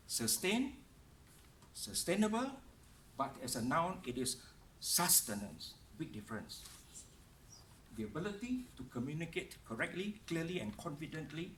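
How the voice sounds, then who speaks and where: A man giving a pronunciation lesson, slowly stressing each word and sound with care. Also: a little high, fairly bright tone, echoey room. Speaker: speaking coach. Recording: distant mic with faint room noise.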